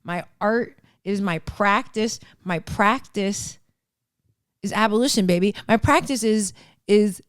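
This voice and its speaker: A woman's voice: mid-range voice, clear, resonant tone, no echo, clean studio sound. A young woman hosting her own podcast, talking alone in an earnest, rambling way, swearing freely and laughing often. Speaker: podcast host. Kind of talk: casual solo monologue.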